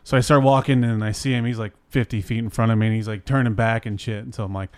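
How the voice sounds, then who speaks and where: A man's voice: lowish voice, fairly even intonation, fast, darkish tone, no echo. A young man telling a story in casual chat, rambling, swearing and filling his talk with "like". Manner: rambling, heavy 'like' fillers, swears, acts out voices in his story.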